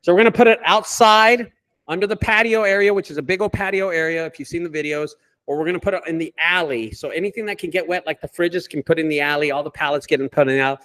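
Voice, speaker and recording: Profane, animated man telling stories. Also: on the high side, quick pace. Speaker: junk removal business owner. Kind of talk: casual group call storytelling.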